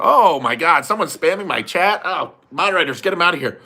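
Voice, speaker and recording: A young man hosts a livestream in loose, easygoing chat, cursing and laughing as he goes. His voice is bright and forward. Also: on the high side, lively intonation, fairly quick. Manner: loose, swears often, laughs a lot. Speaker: livestream host reading super chats. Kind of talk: casual chat.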